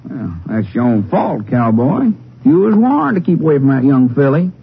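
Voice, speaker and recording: An actor playing a drawling, folksy boxing handler who talks in Western slang, in a 1950s radio drama. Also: male voice, medium pitch, big pitch swings, normal speed, a little hiss or hum. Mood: lecturing. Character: gruff older male boxing handler. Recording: dull old radio broadcast.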